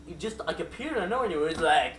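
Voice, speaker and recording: A man's voice: fairly high pitch, lively intonation, racing, a crowd in the background. A man telling a made-up, silly story off the cuff, rambling with many digressions and asides. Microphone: distant mic. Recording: roomy echo from far off, faint background.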